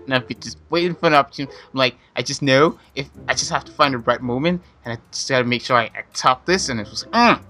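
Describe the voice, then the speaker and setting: A man co-hosting a podcast, chatting casually and teasing his co-host, with loud laughs. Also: mid-range voice, fast, few pauses. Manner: playful, teasing, laughs loudly.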